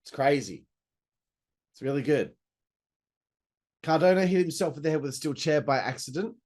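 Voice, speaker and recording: A man's voice: fairly high pitch, animated, moderate pace, a little mellow. A man, hosting a podcast and recapping a wrestling show in a chatty, enthusiastic way, swearing and throwing in asides. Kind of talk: casual recap commentary.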